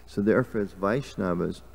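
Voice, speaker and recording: Guy giving a temple class, lowish voice, rambly and conversational, lots of "you know". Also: lively intonation, normal speed, vocal fry, a little mellow. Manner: conversational, lots of fillers and restarts, asks the audience. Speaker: class speaker. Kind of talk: casual scripture class. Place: temple hall.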